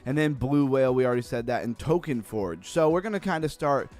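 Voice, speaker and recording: A man hosting a casual crypto livestream, chatting loosely, reading out chat messages and trailing off into low mumbles. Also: expressive, brisk, darkish tone, faint music behind. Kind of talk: casual live-stream chat.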